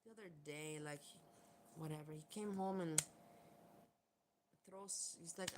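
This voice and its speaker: A woman's voice: fairly low pitch, unhurried, pauses often. Blunt, swearing woman vlogger. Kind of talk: candid vlog rant. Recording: faint background noise.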